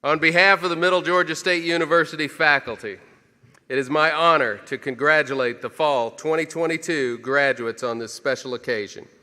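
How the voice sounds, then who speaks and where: Friendly male emcee at a graduation, bright voice, chatty asides, hall reverb. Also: a little high, fairly even intonation, brisk. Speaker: ceremony emcee. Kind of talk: ceremony announcements. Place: large hall.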